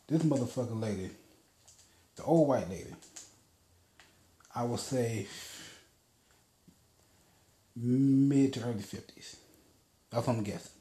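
A man rants through a casual story as a podcast host, swearing freely and wandering between fillers. His voice is dark and mellow. The room around him is echoey. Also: medium pitch. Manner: profane, rambling, lots of fillers.

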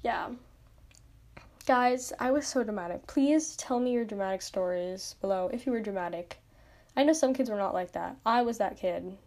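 A woman's voice: medium pitch, normal speed, a little mellow. A young woman hosting a podcast, telling a story in casual chat, self-mocking and full of "like". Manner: chatty, lots of "like", self-mocking. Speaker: podcast host.

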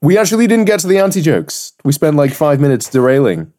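A man's voice: fairly high pitch, big pitch swings, fast talker, a little mellow. An English man co-hosting a podcast, joking and swearing freely in casual chat. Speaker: podcast co-host.

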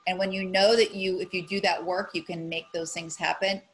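A woman's voice: on the low side, little pitch movement, brisk, a little hiss or hum, rough recording. A woman on a podcast talking frankly and animatedly, swearing casually and acting out her own inner voice. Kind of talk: casual chat.

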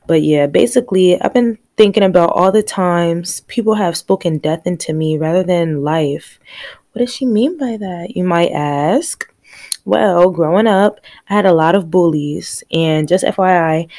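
A young woman talks straight to her listeners in a relaxed, chatty podcast monologue, sharing her faith testimony. Her voice sits a little low for a woman. The recording is dry and close. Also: no echo. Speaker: podcast host.

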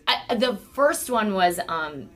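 Woman podcast guest, chatty and giggly, rambling with restarts, very lively pitch. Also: takes it slowly. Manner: giggly, rambling, self-interrupting. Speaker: guest comedian. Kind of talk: casual podcast chat.

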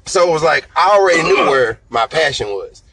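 A man in his thirties, a singer being interviewed, telling his story in a relaxed, slangy, conversational way. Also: on the high side, a little fast, slight background noise, low-quality recording. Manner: relaxed storytelling, slangy, repeats "you know what I'm saying". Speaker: singer and guest.

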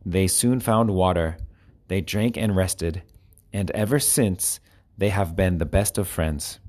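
A man reading short children's stories aloud with clear, expressive storytelling. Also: sits low, slow pace. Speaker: narrator.

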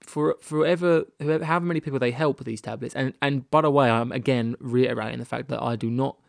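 British male podcast host, young, gravelly tone, dry close sound, rambling and self-deprecating. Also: mid-range voice, fairly even intonation, fast talker, no echo. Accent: British English. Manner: rambling, frequent restarts and self-deprecating laughs. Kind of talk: candid solo podcast monologue. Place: rented holiday annex.

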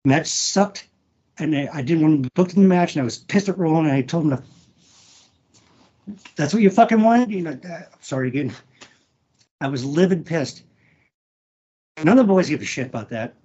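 A husky, slightly high-pitched man speaks in a halting, emotional way, restarting often and swearing freely. He is a guest on a casual podcast. The sound is dull and lo-fi. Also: mellow. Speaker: guest, former wrestler.

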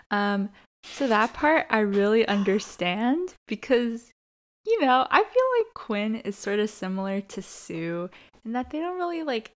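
A woman co-hosting a podcast, casually recapping a TV episode with lots of fillers and acted-out quotes. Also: medium pitch. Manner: chatty, fillers, acts out characters' lines. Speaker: podcast co-host.

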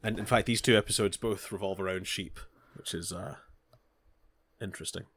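A man's voice: low voice, fairly even intonation, normal speed, a bit bright, husky. A man co-hosting a casual anime recap podcast, laughing often and chiming in with short agreements. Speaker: podcast co-host.

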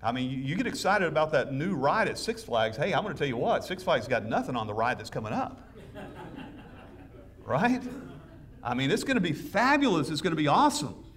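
A man's voice: on the high side, very animated, moderate pace, a bit bright, distant mic. A man preaching a sermon as pastor, enthusiastic and conversational, with frequent restarts. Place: church sanctuary.

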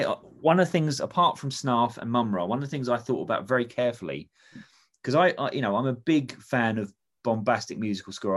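A man chatting casually, rambling enthusiastically with many restarts. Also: medium pitch. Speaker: podcast co-host. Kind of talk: casual comedic chat.

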